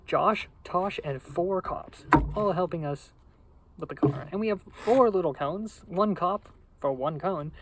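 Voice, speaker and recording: A young man telling a rambling, funny story in a casual, deadpan, profane way. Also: high voice, unhurried, noisy background. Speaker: vlogger.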